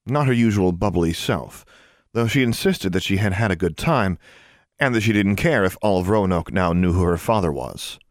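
A man narrating a fantasy audiobook in an even, measured storytelling manner. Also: low voice, no echo, clean studio sound.

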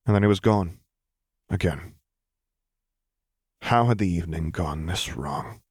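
A man narrating fan fiction in an even, measured reading. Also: deep voice, breathy edge, dry recording, clean studio sound. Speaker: audiobook narrator.

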